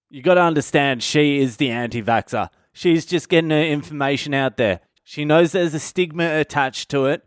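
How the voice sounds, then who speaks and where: A middle-aged man delivers a sardonic comic monologue and swears freely. His voice is smooth and resonant. It is recorded close and dry, with no room sound. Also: on the high side, no echo. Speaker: comedian podcast host. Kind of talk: comic monologue reading comments aloud.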